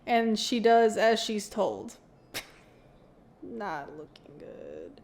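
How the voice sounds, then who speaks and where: A woman's voice: mid-range voice, huge pitch swings, drawn-out words, a little mellow. A woman reading passages from a novel aloud in a casual vlog, giggling often and adding blunt commentary that swears freely. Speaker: book vlogger.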